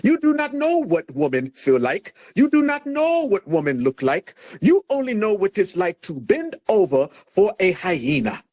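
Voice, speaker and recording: A man's voice: high-pitched, big pitch swings. An American man hosting a livestream, taunting and mocking a guest in a heated argument. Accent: American English. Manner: mocking, taunting, loud and rapid insults. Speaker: livestream host.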